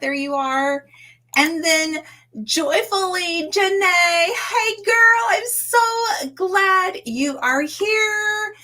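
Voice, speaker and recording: A bubbly woman hosts a relaxed livestream chat. She gushes over each viewer and fills her talk with ums and little asides. Her voice sits in an ordinary middle register. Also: mid-range voice. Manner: bubbly, effusive greetings, many fillers. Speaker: livestream host. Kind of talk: casual chat. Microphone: streaming mic.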